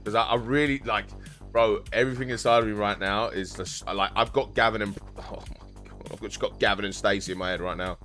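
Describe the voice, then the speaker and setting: A man's voice: lowish voice, fairly even intonation, a little fast, bright, forceful tone, soft background music. A young man chatting casually with his live-stream viewers while gaming, joking around and using slang. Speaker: game streamer.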